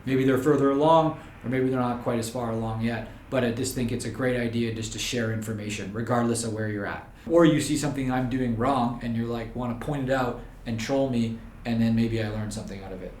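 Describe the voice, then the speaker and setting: A man's voice: medium pitch, fairly even intonation, a little fast, a little mellow, slight background noise. A man talking casually to the camera as a vlogger and videographer, easygoing, rambling and joking as he goes. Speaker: vlogger and videographer business owner. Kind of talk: casual vlog talk to camera. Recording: roomy with faint background ambience.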